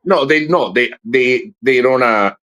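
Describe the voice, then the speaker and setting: A man's voice: mid-range voice, measured pace, fairly bright tone. A man hosting a livestream, talking bluntly and profanely in a rambling, casual chat. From foreign man living in the Philippines. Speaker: host of a livestream.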